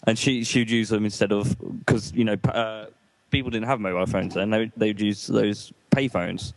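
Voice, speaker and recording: Young man, low voice, hesitant rambling chatter. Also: steady tone, normal speed, no room sound, poor audio. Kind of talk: casual chat among friends.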